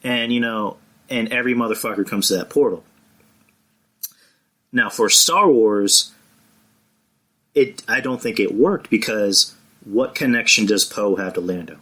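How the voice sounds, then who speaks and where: A man's voice: on the low side, measured pace, pauses often, pushed and bright. A man chatting casually on a podcast, rambling with frequent restarts and casual swearing. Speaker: podcast co-host.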